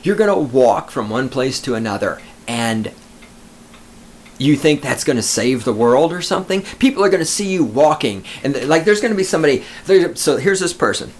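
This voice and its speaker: A man's voice: medium pitch, big pitch swings, normal speed, slight background noise. A man hosting a podcast, ranting alone in a sarcastic, profane, mocking way. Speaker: podcast host. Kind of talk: sarcastic solo podcast rant.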